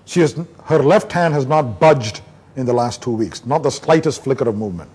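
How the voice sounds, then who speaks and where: A man's voice: mid-range voice, a little fast, breathy edge. A man from India giving a neurology conference lecture, telling case stories and acting out his talks with patients. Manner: animated storyteller, acts out doctor-patient dialogue.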